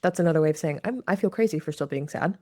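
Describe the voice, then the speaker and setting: Here a woman with a deep, slightly mellow voice talks fast. She's a guest in a conversational interview, a grief expert and author who works with the bereaved, explaining her ideas earnestly through quoted examples.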